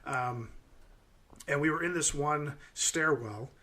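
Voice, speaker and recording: A man's voice: fairly high pitch, slow, sharp tone. A man in his thirties from the United States, co-hosting a podcast and telling stories in a casual, rambling way with lots of ums. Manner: rambling storytelling with many fillers. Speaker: podcast co-host. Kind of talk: casual chat.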